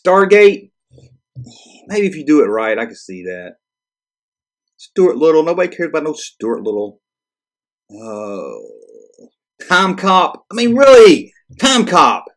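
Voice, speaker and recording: A man's voice: a little high, sing-song, slow pace, long pauses. A man hosting his channel, reading through a list and reacting with exasperated, sarcastic commentary and frequent swearing. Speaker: channel host. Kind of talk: casual ranting commentary.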